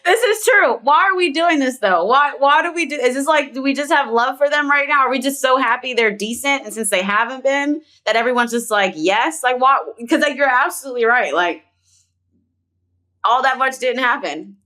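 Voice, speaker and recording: Bright-voiced woman with a Philly accent. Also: high-pitched, moderate pace. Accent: Philadelphia. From Philadelphia. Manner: chatty, filler-heavy, laughs easily. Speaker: basketball analyst. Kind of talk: casual sports talk.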